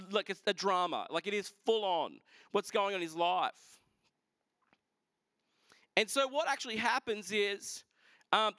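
Guy preaching, high bright voice, chatty storytelling, dry close sound. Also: no room sound. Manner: animated storytelling with casual asides. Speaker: pastor. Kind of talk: sermon.

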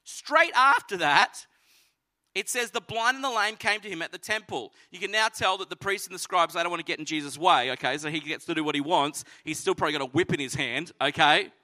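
A man preaching a sermon, telling the story with animated energy and acting out voices. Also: on the high side, quick pace, few pauses. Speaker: pastor.

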